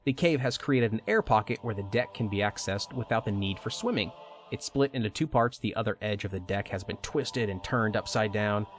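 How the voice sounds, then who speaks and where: A man's voice: fairly low pitch, lively intonation, brisk. A man hosting a podcast, reading a retelling of a video game story and breaking in with joking asides. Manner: reads narration with joking asides. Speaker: podcast host.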